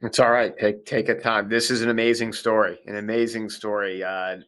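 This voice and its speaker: A man's voice: fairly low pitch, little pitch movement, fairly quick, fairly bright tone, smooth. A man hosting an interview, speaking in a reassuring way to his guest. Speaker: podcast host. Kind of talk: interview chat.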